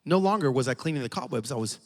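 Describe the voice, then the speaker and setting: A man preaching a sermon as a lively, funny storyteller. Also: medium pitch, fast talker. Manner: animated, humorous storyteller. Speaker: pastor. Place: large church auditorium. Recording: long hall reverb.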